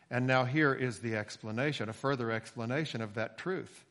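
A man preaching a sermon, measured and deliberate, slowing down to stress key phrases. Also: mid-range voice, a bit bright, long reverb tail. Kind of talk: sermon with scripture reading.

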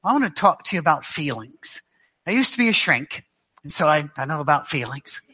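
Middle-aged Glaswegian preacher, bright ringing tone, dry wit, stop-start delivery. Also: male voice, fairly high pitch, very animated, slightly rough. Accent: Glaswegian Scottish. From Scotland. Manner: dry joking storyteller with halting restarts. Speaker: guest preacher. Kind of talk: sermon. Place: church.

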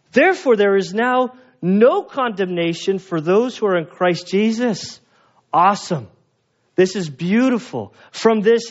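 High-voiced man preaching a conversational sermon. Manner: conversational, emphatic, self-deprecating asides. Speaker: pastor. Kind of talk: expository sermon. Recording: dull lo-fi sound.

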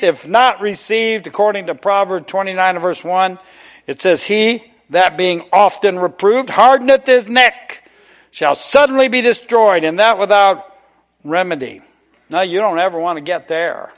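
A man preaches in a high, bright-edged voice. He talks in a folksy, conversational way and keeps saying "amen". He slows and stretches key words and swings from near-whispers to loud peaks. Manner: emphatic, swings from hushed to loud with long drawn-out words. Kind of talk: sermon. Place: church service.

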